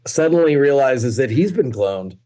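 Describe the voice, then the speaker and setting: A man's voice: medium pitch, lively intonation, moderate pace, dark tone. A man, a guest television creator, talking casually and thoughtfully on a podcast, often circling back with restarts.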